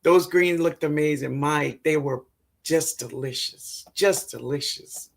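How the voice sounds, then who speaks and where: A woman's voice: low-pitched, a little slow, gravelly, a little hiss or hum. A woman hosting a casual livestream, greeting viewers by name and reading their comments aloud, with affectionate pet names and frequent laughter. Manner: affectionate, calls viewers baby and sweetheart; excitable and laughing. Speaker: livestream host, gardener.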